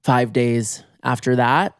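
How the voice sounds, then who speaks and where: A man hosting a podcast in a comic monologue, theatrical and swinging his pitch for emphasis, slightly hoarse from being sick, recorded in bed at home. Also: fairly even intonation, takes it slowly, dry recording, studio quality. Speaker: podcast host.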